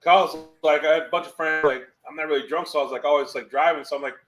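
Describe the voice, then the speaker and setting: A man's voice: fairly high pitch, steady tone, rapid-fire, a bit bright, faint music behind. A man, a guest on a podcast, chatting casually in a rambling way, full of fillers. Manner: rambling, filler-heavy, says "like" a lot. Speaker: guest, former football player.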